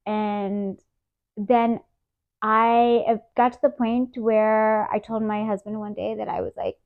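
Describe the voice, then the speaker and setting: A woman in her thirties, an interview guest, candidly recounting a hard personal experience and acting out the dialogue. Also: mid-range voice. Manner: emotional, animated retelling with quoted dialogue. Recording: tinny phone-like sound.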